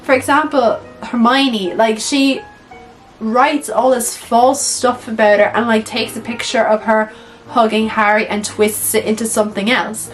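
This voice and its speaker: A young woman chatting casually in her video, animated and blunt, swearing freely and saying "like" a lot. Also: on the high side, a little slow, faint music behind, rough recording. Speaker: YouTuber. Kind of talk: casual movie-ranking chat.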